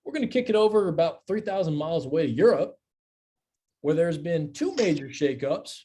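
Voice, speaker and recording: A young man co-hosting a sports podcast in casual chat, animated and incredulous, repeating himself and swearing freely. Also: fairly high pitch, fairly quick. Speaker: podcast co-host.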